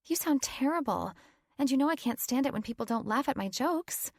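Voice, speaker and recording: A woman's voice: sits high, animated, a little fast, no room sound, clean studio sound, voice pushed up. A woman narrator voicing a brash, pushy young woman friend who teases and demands answers over the phone. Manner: pushy, loud, teasing.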